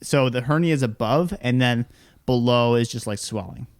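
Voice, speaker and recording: A man's voice: medium pitch, moderate pace, clear, resonant tone, no room sound. Man rambling through a story, dry mic. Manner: rambling anecdote with acted quotes and frequent fillers. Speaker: podcast co-host. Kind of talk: casual chat, storytelling.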